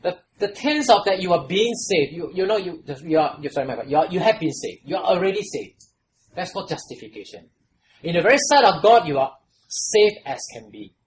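Preacher, lively pitch. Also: fairly quick, rough recording. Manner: swings from loud exhortation to hushed, trailing lows; repeats phrases and asks the congregation questions. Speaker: pastor. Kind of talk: sermon.

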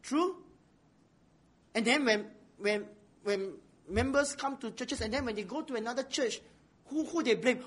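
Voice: mid-range voice, measured pace, pauses often, husky. A preacher giving a sermon, posing rhetorical questions and repeating phrases for emphasis.

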